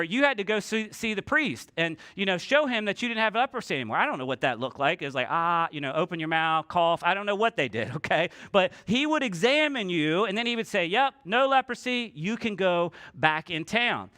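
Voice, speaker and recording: A man's voice: sits high, animated, fairly quick, few pauses, sharp tone. A male pastor preaching a casual, conversational sermon in church, often acting out the voices of people in the story.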